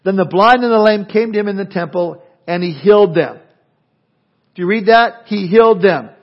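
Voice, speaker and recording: An older pastor with a high voice preaches a sermon at a moderate pace, animated and conversational, with plenty of restarts. The recording sounds dull and lo-fi.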